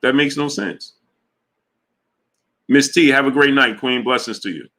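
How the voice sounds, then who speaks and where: On his boxing livestream, a male host responds casually to his chat at a measured pace with a medium-pitched voice. It sounds bright and forceful, delivered in an animated, emphatic style, and he keeps repeating points for emphasis.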